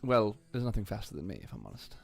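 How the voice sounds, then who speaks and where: A man's voice: on the low side, huge pitch swings, fast talker, gravelly, slightly rough, faint music behind, voice pushed down, exaggerated voice. A man putting on a sassy, vain persona who drawls and keeps calling people darling. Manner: drawling, teasing, says darling often.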